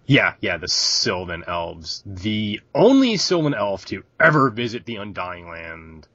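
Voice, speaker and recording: A man co-hosting a podcast, making dry, sardonic remarks about a film in a husky voice. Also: lowish voice, very animated, unhurried, sharp tone, no room sound, lo-fi sound. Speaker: podcast co-host. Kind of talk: casual film discussion.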